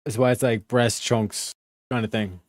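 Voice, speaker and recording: A man's voice: medium pitch, fairly even intonation, measured pace, dry recording, clean studio sound. A young man hosting a livestream in casual, rambling chat, full of slang and "you know what I mean". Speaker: livestream host.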